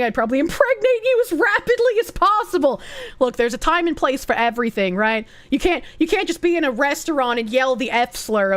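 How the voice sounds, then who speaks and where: High-pitched streamer girl, swears constantly, rambles and laughs, dry close mic. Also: no echo. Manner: crude, heavily profane, laughs often; rambling and self-interrupting. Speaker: VTuber streamer. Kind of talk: casual reaction stream chat.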